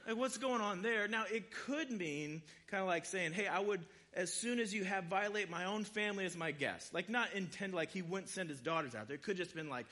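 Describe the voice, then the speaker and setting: A man giving a sermon, retelling scripture stories in a casual, conversational way with quick voiced asides. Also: high-pitched, bright, forceful tone. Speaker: preacher.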